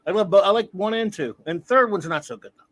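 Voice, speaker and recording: Middle-aged guy rambling thru a review chat, kinda high voice, keeps restarting his sentences. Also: animated, quick pace, crowd noise. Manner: rambling, self-correcting, chuckles often. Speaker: podcast host.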